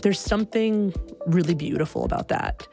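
A woman telling a personal story in an animated way, acting out the people in it. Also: on the low side, moderate pace, creaky, soft background music. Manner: animated, breaks into loud acted quotes.

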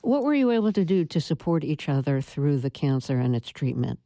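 A woman interviewer who asks her guests questions gently and checks facts with them. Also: deep voice, big pitch swings, brisk, dry recording.

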